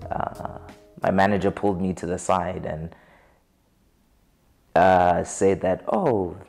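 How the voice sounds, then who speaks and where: A man with a South African accent speaks slowly in a documentary interview, his voice very deep and unhurried. He tells his memories in a low-key way. Soft music plays under him. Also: little pitch movement, creaky.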